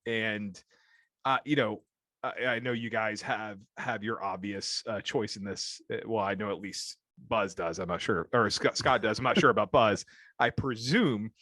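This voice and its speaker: A man's voice: on the low side, moderate pace, pushed and bright, no echo. A man hosting a podcast, running through political news in a casual, hesitant way, with plenty of fillers and side remarks. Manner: hesitant, lots of fillers and asides. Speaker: podcast host.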